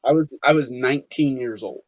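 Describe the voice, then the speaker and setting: A man's voice: medium pitch, a little fast, breathy edge, no echo. A young man as an interview guest, telling stories casually, with many fillers and restarts. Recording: dull, lo-fi sound.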